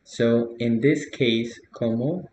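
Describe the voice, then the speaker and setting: A young man works as a language tutor, casually correcting a learner's post in a relaxed, hesitant way with many fillers and soft laughs. He speaks slowly at medium pitch, in a reverberant space with slight background noise.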